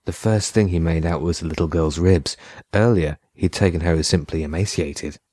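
A man narrating a horror short story in a measured, unhurried way. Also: sits low, mellow, dry recording, studio quality. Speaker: audiobook narrator.

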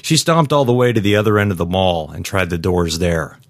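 A man giving scripted narration of a story in a steady, measured way. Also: deep voice, no room sound. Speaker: audiobook narrator.

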